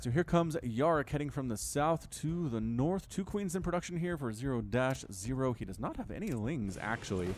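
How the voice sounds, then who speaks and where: Lively chatty male esports caster. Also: medium pitch, slight background noise. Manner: chatty, rambling, self-deprecating jokes. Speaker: game commentator. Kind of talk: solo esports play-by-play commentary.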